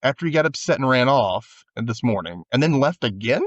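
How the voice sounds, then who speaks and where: A man's voice: medium pitch, brisk, dry recording, dull audio. A man hosting a podcast, casually recapping an episode and acting out the characters' lines. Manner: animated retelling, acts out character lines. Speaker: podcast host.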